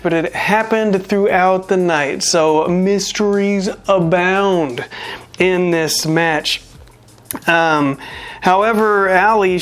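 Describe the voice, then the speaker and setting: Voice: medium pitch, clean tone. Chatty wrestling reviewer, rambles a lot, wry jokes, pokes fun at themself. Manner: rambling and chatty, with jokey asides. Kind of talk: casual spoken review.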